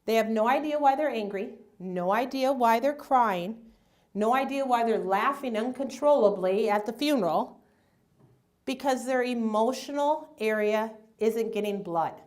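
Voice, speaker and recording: A woman teaching a community health class on dementia care, lively and acting out family members' voices. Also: a little high, measured pace. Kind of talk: community health talk to a live audience.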